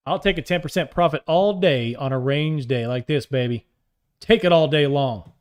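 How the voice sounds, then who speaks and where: A man's voice: on the high side, moderate pace, clean tone. A man on a live trading stream, calling out prices, coaxing the market and joking with chat. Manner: talks to the market and reads chat aloud, joking and upbeat.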